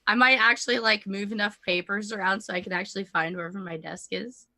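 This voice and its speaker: A woman's voice: medium pitch, steady tone, fast, pushed and bright, dry recording. A woman playing a tabletop role-playing game, chatting and teasing the others with frequent giggles. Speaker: player. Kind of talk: tabletop role-play chat.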